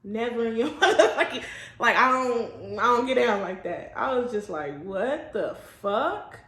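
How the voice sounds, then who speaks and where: Young woman vlogger, casual storytime, crude and laughing, higher pitch, roomy echo. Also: animated, moderate pace, fairly bright tone. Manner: blunt, profane, laughs often. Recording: echoey room.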